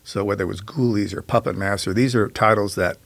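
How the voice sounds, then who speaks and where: A man's voice: on the low side, steady tone, a little fast, vocal fry, a bit bright, dry recording. An older man, a filmmaker guest, telling rambling anecdotes in a casual interview, often restarting and quoting others.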